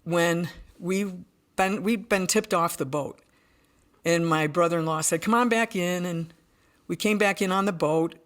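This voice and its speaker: A woman's voice: fairly low pitch, unhurried. A woman guest on a podcast, telling a personal story in an earnest, vivid way, often restarting her sentences.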